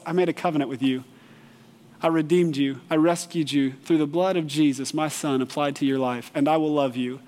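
A man giving a sermon as pastor, earnest and lively, with bursts of animated storytelling. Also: medium pitch, big-room sound.

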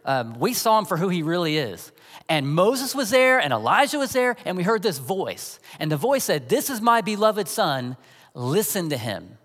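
A man's voice: sits high, big pitch swings, moderate pace, a bit bright, heavily acted. A man voicing the apostle Peter as a plainspoken, folksy middle-aged storyteller, in a reverberant hall. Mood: earnest. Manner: chatty, folksy retelling.

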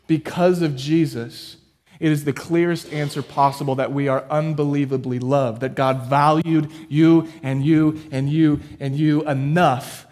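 A pastor preaches a sermon, building emphatically to loud peaks before dropping low again. He speaks straight to his listeners, putting questions to them directly.

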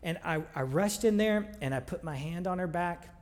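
A pastor with a high voice preaches at normal speed, sounding conversational and earnest while restarting his sentences often. The recording carries the long reverb of a large hall.

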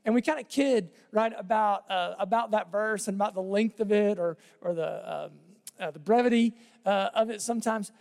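A man preaching a sermon in a conversational way, repeating phrases and letting his voice drop softly at the ends of lines. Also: high voice, moderate pace, vocal fry, big-room sound. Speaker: pastor.

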